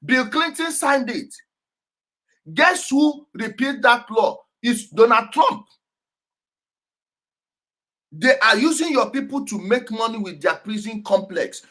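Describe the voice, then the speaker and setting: High, bright-voiced man commenting. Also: lively intonation, takes it slowly, pauses often. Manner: emphatic, repeats key words, laughs often. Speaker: host reacting to clips. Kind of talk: animated commentary over clips.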